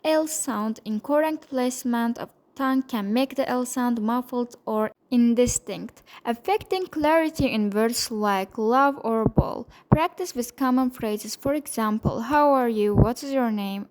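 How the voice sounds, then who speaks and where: A woman, not a native English speaker, narrating a pronunciation lesson and slowing down to demonstrate example words. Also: on the high side. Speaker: accent teacher.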